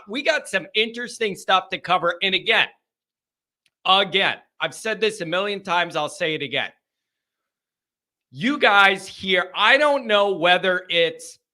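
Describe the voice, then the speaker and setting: A man's voice: high-pitched, bright, forceful tone. A man hosting a live sports call-in show, chatting casually to his audience, rambling, joking and restarting his sentences. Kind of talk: casual live-stream chat.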